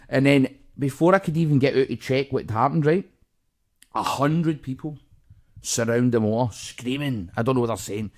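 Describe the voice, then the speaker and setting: A man's voice: mid-range voice, normal speed. A Scottish man, co-host of a comedy podcast, telling a story in casual chat, swearing a lot and acting out the voices of the people in it.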